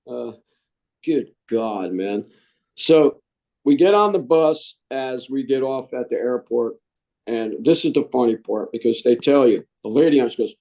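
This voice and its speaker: A man from the United States, a Marine veteran, telling his story in a casual interview, animated, loose, dropping "man" into his sentences and restarting often. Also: medium pitch, unhurried, vocal fry, poor audio.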